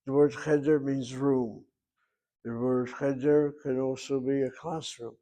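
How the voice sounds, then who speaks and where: A man's voice: medium pitch, little pitch movement, a little slow, warm tone. Patient male Hebrew teacher, methodical. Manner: patient, methodical, repeats words for drill. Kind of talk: grammar lesson explanation.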